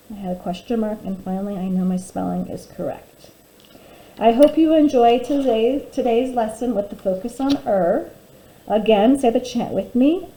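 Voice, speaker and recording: A woman teacher giving a phonics lesson to young children, sounding out words slowly and clearly and encouraging them warmly. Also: a little high, low-quality recording. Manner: warm, encouraging teacher talk.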